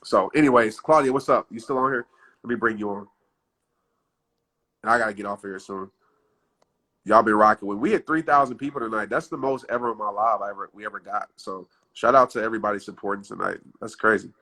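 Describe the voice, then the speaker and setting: A man in his thirties talks casually into his phone on a live stream, with a slightly low voice. He keeps a loose, chatty flow, laughs easily and drops into short motivational lines now and then. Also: fast, pushed and bright. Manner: laid-back, chatty, laughs often, reads his own quotes aloud. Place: outdoors in wind.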